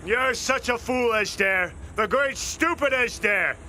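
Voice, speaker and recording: A man's voice: very high-pitched, unhurried, bright, forceful tone, a little hiss or hum, exaggerated voice. An actor playing a smug, scheming man in a dubbed TV drama, mocking and falsely polite. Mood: gloating.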